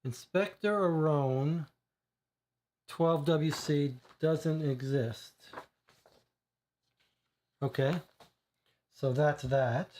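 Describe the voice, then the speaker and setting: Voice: medium pitch, extremely slow, long pauses, a little mellow. A livestreamer playing a co-op detective board game, thinking aloud with many fillers and reading the case text. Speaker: board game player and streamer.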